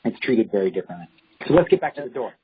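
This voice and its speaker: A man, a real estate agent, chatting casually in an interview and telling animated stories. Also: fairly low pitch, racing, slightly rough. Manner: animated, acts out quoted voices. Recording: dull lo-fi audio.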